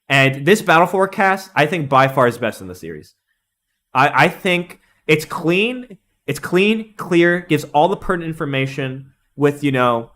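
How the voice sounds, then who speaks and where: Young man, streamer, slightly high-pitched, excitable, rambling, casual game analysis. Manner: excitable, rambling, laughs at himself.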